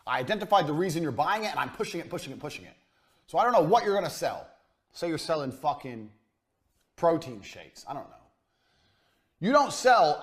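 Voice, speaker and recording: Male business lecturer, crude and blunt, pitch swinging up and down, drives each point home by repeating it. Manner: blunt, profane, hammering repetition. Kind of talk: business lecture to a live audience. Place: university lecture room.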